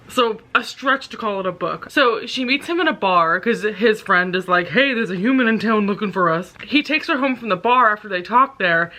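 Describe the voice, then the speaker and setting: A woman's voice: medium pitch, pushed and bright. A young woman chatting casually in a book vlog from home, sarcastic and rambling, often breaking into laughter. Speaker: book vlogger. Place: at home, in bed.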